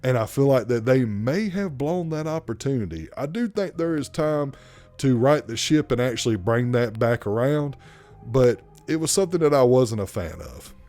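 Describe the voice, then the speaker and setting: A man's voice: mid-range voice, lively intonation, moderate pace, mellow, faint music behind. Blunt Southern man ranting about movies. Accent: thick South Carolina Southern. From South Carolina, US. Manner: blunt, profane, opinionated. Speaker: movie reviewer. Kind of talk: casual movie review rant.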